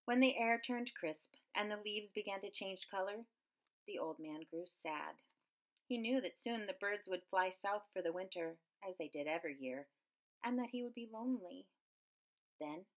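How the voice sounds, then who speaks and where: A woman reading a children's picture book aloud with very expressive swings in pitch and loudness. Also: lo-fi sound. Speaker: storyteller.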